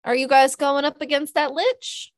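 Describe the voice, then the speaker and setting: Lady doing a high whiny southern kid imp, lonely little demon boy, dry close sound. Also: fairly even intonation, normal speed, no room sound, close to an everyday voice. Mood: eager. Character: annoying young male imp demon, lonely.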